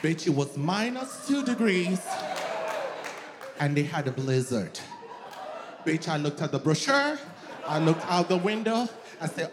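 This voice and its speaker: Flamboyant stand-up comedian, sassy crowd work, loud audience, long hall reverb. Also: male voice, fairly high pitch, big pitch swings, measured pace, long pauses, noisy background. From West Africa. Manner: sassy, flamboyant, calls the crowd honey and girl. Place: large theater with live audience.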